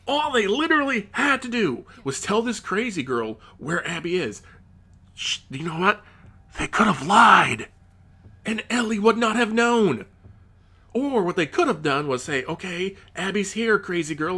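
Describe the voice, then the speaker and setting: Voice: mid-range voice, big pitch swings, normal speed, pushed and bright. Exasperated, profane game-review ranter. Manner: frequent outbursts of rising disbelief. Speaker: gaming commentator.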